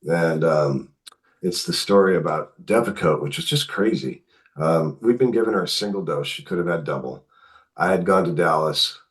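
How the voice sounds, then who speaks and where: A man's voice: deep voice, normal speed. A middle-aged man, a guest author, telling a long personal story in conversation and acting out the voices of the people in it. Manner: animated, acts out quotes in his telling.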